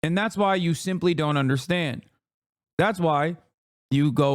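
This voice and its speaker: A man doing heated livestream political commentary, angry and profane, shouting down his critics. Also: on the high side, measured pace, no room sound, studio quality.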